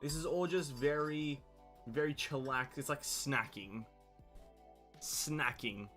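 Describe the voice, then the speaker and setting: A man's voice: medium pitch, takes it slowly, sharp tone, soft background music. An Australian man, a game streamer, chatting casually on a live stream in a blunt, profane, opinionated and rambling way.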